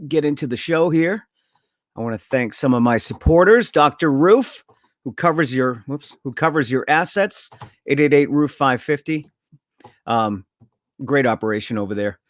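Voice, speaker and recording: A man's voice: fairly high pitch, expressive, measured pace, no room sound, studio quality. A man hosting a casual talk show, running loosely through sponsor plugs with stumbles and self-corrections before bringing in a guest. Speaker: host.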